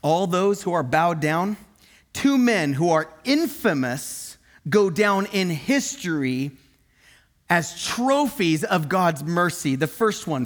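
Animated, lively-pitched male preacher. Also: unhurried. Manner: animated, conversational, emphatic. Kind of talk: sermon.

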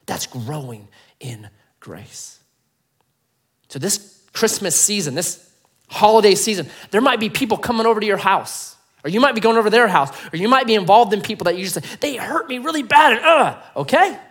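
Male pastor mid-sermon; emphatic, dynamic, loud-to-hushed delivery. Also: high voice, expressive, moderate pace.

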